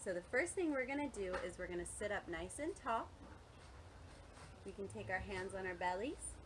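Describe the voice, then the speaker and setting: A woman leads a playful yoga class for children and families, speaking in a sing-song way, singing songs, telling a story, and making animal sounds. Her mid-range voice has lively intonation and a moderate pace, with background noise present.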